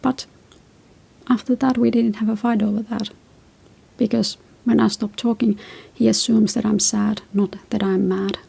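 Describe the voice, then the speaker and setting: Husky, gravelly woman giving gentle advice. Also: mid-range voice, flat delivery, normal speed. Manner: reflective, tells personal stories. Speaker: relationship advice host. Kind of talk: casual advice talk.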